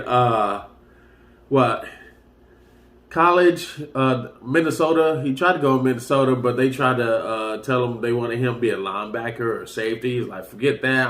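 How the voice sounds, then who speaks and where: A man's voice: mid-range voice, a bit bright, roomy sound. A man hosting a casual sports talk show, rambling loosely and getting hyped as he runs through the news. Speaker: sports commentary host.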